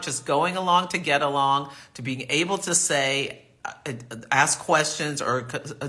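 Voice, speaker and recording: A man's voice: on the high side, pushed and bright. A man hosting a live astrology reading, chatty and affirming as he answers viewer comments. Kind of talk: live-stream reading and chat.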